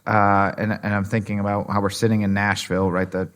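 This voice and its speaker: A man with a low voice hosts a podcast recorded at a conference. His questions wander, and he restarts often and leans on fillers before he gets to the point. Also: level tone, fairly quick, fairly bright tone. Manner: rambling, many restarts and "like". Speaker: podcast host. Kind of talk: conversational podcast interview. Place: conference venue.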